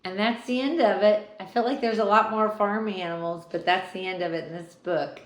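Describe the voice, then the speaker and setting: An older woman, a grandmother, reading a picture book to a small child, asking gentle questions and making animal sounds. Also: mid-range voice, a little fast, echoey room.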